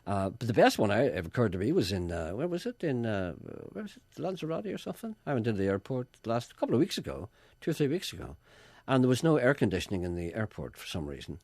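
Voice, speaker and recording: A man's voice: medium pitch, big pitch swings, quick pace, a little mellow, no echo. A man hosting a casual radio chat, telling wry stories. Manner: wry, storytelling, reads listener letters aloud. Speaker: radio host.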